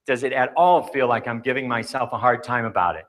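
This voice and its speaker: A man's voice: mid-range voice, brisk, fairly bright tone. Candid, self-mocking man speaking on stage. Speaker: conference speaker. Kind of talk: talk to a live audience.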